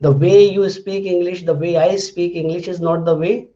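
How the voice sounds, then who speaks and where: A man's voice: sits high, fairly even intonation, normal speed, warm tone, muffled recording. A male lecturer explaining things step by step, repeating his words and examples with frequent fillers. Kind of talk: recorded lecture.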